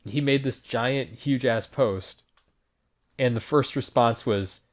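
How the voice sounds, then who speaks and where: A man chatting on a podcast, rambling through a story with plenty of swearing and laughter. His voice sits at an everyday middle pitch. He keeps the tone loose and conversational. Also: slow pace. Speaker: podcast host. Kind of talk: casual podcast chat.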